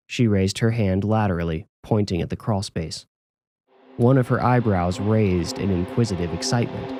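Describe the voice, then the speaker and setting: A man narrating a scripted horror story in a measured, calm way. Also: lowish voice, no echo. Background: music.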